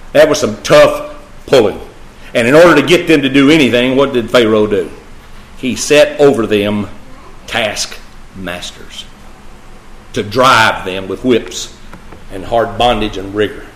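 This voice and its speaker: A man's voice: medium pitch, a little slow, pauses often. A man preaching a sermon, emphatic and repetitive, speaking straight to the congregation. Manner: emphatic, repeats key phrases, addresses the congregation directly. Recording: echoey room sound.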